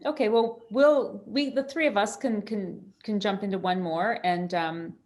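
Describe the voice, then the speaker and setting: A woman's voice: medium pitch, unhurried, a little mellow. Chatty woman therapist on a video call. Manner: chatty, laughs easily, restarts often. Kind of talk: casual panel chat on a video call.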